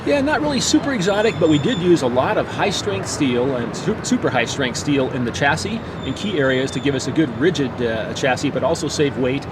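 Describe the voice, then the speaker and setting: Fast-talking man explaining car tech. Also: fairly high pitch, animated. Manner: fluent, explanatory, with frequent restarts. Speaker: automaker product spokesman. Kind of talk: technical explanation in an interview. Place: outdoors beside a car on a street. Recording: loud outdoor noise behind the voice.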